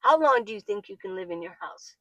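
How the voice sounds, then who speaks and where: A woman's voice: medium pitch, lively intonation, fairly quick, pushed and bright, dry recording, highs cut off. A woman, older, talking casually to camera and answering viewer comments, chatty and laughing often, sometimes getting worked up. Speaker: van-life vlogger. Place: living in her minivan.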